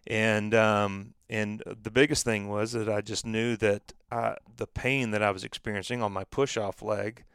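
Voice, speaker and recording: Man guest, low smooth voice, dry close sound; rambling storyteller, lots of restarts. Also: little pitch movement, measured pace, hardly any pauses, fairly bright tone, no room sound. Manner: rambling, frequent restarts and fillers, acts out dialogue. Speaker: former baseball pitcher, guest. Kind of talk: storytelling in a conversational interview.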